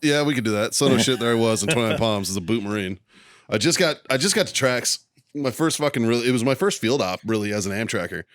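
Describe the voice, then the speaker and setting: A podcast co-host in his thirties tells a war story in a loose, profane way, full of fillers and swearing, laughing partway through. His mid-range voice is a bit bright and quick-paced, captured in a dry, studio-quality recording.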